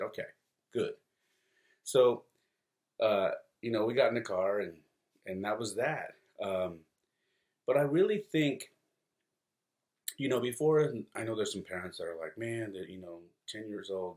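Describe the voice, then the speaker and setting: Podcast host, forties, very low-pitched man, casual rambling delivery full of ums and restarts. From California. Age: 40s. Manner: rambling, conversational, many fillers and restarts. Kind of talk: casual solo podcast monologue.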